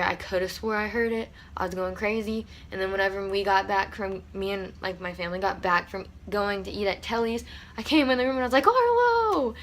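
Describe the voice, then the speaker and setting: A teenage girl vlogs to the camera from her room, her mid-range voice fairly bright against a faint hiss or hum. It's a casual storytime, and she rambles with plenty of "like" fillers, sounding on the verge of tears.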